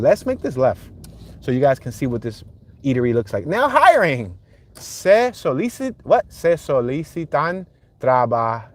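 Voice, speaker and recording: Male street-tour streamer, relaxed and talkative, speaking from behind the wheel. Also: mid-range voice. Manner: chatty, reads viewer comments aloud and greets chatters. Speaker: livestream host driving a neighborhood tour. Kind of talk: casual live commentary while driving. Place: inside a car on city streets.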